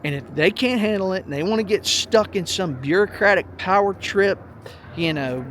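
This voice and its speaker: Blunt high-voiced middle-aged man ranting. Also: a little hiss or hum. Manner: blunt, profane, heated storytelling. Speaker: vlog host.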